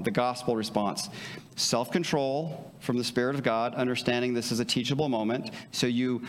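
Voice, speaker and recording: A man preaching a sermon as pastor, earnest and conversational, often checking in with his listeners. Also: medium pitch. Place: church sanctuary. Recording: church hall reverb.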